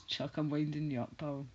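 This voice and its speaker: A woman's voice: low-pitched, darkish tone, dull audio. A woman streaming live, casually chatting with viewers in a blunt, sweary, teasing way.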